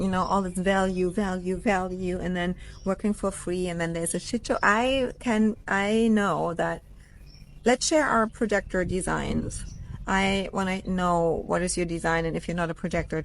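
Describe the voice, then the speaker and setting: A woman with a fairly low voice chats on a live stream from a phone beside a pool. She is effusive and upbeat, welcoming viewers by name and cursing casually as she talks business coaching. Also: slight background noise. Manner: effusive, greets viewers by name, swears freely. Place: outdoors by a pool.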